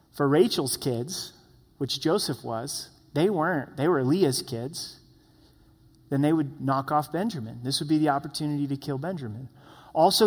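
Male preacher, slightly high voice, earnest sermon delivery, long hall reverb. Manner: earnest, acts out quoted voices. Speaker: pastor.

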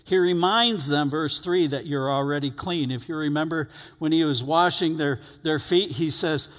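A man preaching a sermon as pastor, earnest, stretching key words and letting phrases fall to quiet endings. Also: a little high, moderate pace. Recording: long hall reverb.

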